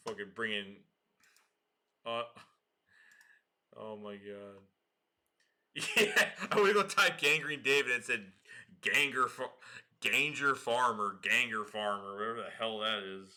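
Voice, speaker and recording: A man hosting a casual livestream, slangy and excitable, swearing and laughing often. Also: fairly low pitch, measured pace. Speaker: livestream host.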